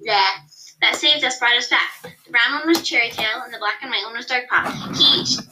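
A woman's voice: a little high, recorded from a distance, background noise, close to an everyday voice. A woman reading as an earnest young she-cat. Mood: grateful. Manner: earnest, halting.

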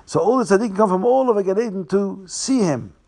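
A man telling a Hasidic tale, restating names and slowing down for drama. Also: high-pitched, animated, a little mellow. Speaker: storyteller.

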